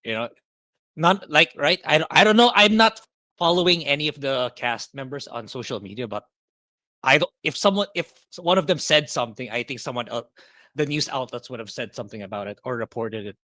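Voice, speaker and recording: A man co-hosting a casual podcast, talking in a hesitant, halting way. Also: medium pitch, pushed and bright, no echo. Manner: hesitant, halting speech with restarts. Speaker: podcast co-host.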